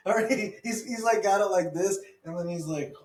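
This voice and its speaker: Man, comedy podcast co-host, fairly high voice, casual joke workshop, animated when reading lines. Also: normal speed. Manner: laughs easily, thinks aloud.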